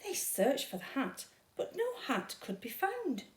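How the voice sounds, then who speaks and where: A woman reading a children's story aloud at a storytime, slow and dramatic. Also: high-pitched, big pitch swings, distant mic. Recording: echoey room.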